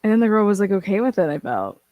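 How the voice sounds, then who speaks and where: A woman's voice: medium pitch, very animated, fast talker, no echo, lo-fi sound. A woman hosting a casual livestream, chatting and reading out viewer comments, swearing and laughing often. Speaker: livestream host reading chat.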